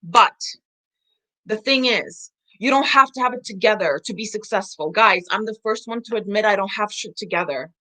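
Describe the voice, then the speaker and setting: A woman's voice: medium pitch, pushed and bright. Blunt, swearing woman coach. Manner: frank, emotional, heavy swearing and quick laughs. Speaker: business coach hosting a live stream. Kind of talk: casual live-stream chat reading comments.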